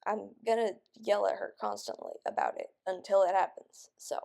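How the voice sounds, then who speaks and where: A woman's voice: medium pitch, normal speed, gravelly, dark tone. A young woman venting in a rambling vlog, frustrated and stressed, sounding close to tears and just woken up. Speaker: vlogger.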